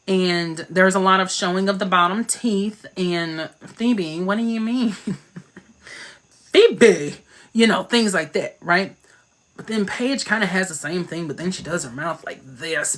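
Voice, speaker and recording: A man hosting a casual livestream chat, playful and slangy, talking into his phone with quick asides. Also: high voice, sharp tone. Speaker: livestream host.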